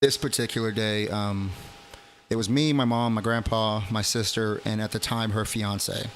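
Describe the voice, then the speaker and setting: A man's voice: fairly low pitch, steady tone, normal speed, a little hiss or hum. A man casually telling stories from his own life, blunt and profane, laughing at his own jokes. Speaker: storyteller. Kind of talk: casual storytelling.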